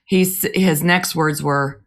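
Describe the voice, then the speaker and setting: A woman's voice: low voice, steady tone, slow pace. A woman in her thirties co-hosting a podcast, telling candid family stories and swearing freely in casual chat. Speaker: podcast co-host.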